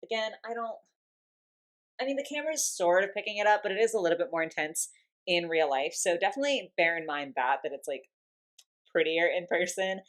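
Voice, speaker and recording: A woman's voice: on the low side, lively intonation, a little fast. Gushing woman doll reviewer. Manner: gushing, enthusiastic, giggly. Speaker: doll collector vlogger. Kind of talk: casual unboxing review.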